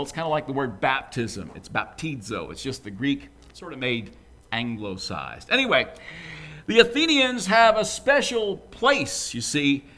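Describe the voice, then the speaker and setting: A man preaching a sermon in a church, conversational and animated, with frequent asides to the congregation. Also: on the high side. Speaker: pastor.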